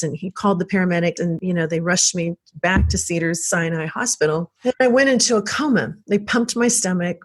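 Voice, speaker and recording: A woman from South Texas, an interview guest, telling a personal story in an earnest, emotional and reflective way. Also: on the low side.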